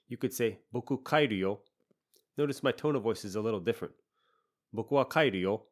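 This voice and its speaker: A man teaching a podcast language lesson, explaining patiently and saying example phrases slowly. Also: medium pitch.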